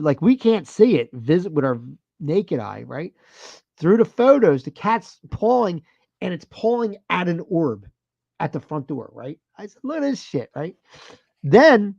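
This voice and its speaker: A man in his thirties tells a story on a podcast, his speech lively and swinging through a wide pitch range, with a gravelly edge. His manner is profane and animated, and the sound is dry and a little dull, like a lo-fi recording. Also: normal speed, dry recording. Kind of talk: casual storytelling.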